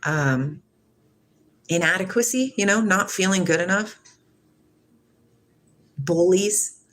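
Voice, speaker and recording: Slow, low-voiced woman in her forties musing. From Washington state, USA. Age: 40s. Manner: slow, reflective, laughs often. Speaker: livestreamer answering chat. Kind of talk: casual spiritual musing.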